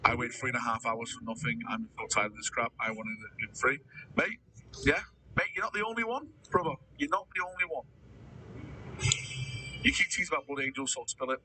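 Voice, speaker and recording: A man's voice: medium pitch, moderate pace, recorded from a distance, noisy background. A man chatting casually on a livestream, answering viewers, calling them mate and swearing freely. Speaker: livestreamer reading chat.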